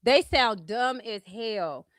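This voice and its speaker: A high-voiced woman with a Californian accent rants at her critics, blunt and full of profanity. She laughs them off between jabs. Her voice sounds close and dry, with no room around it. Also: lively intonation, slow, fairly bright tone, dry recording. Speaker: YouTube commentary host. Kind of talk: ranting commentary vlog.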